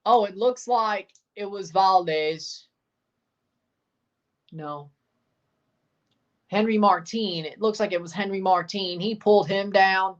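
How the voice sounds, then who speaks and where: A woman's voice: medium pitch, slow pace, long pauses, muffled recording. A woman doing casual play-by-play of a football match on a livestream, calling the action and sassily answering her chat. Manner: sassy, talks back to chat. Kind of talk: watchalong play-by-play and chat replies.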